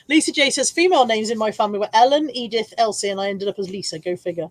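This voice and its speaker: A woman's voice: a little high, quick pace, few pauses, dry recording. A woman in her forties from England, chatting casually on a livestream, reading out viewer comments, self-mocking and laughing often. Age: 40s. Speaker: reseller livestream host.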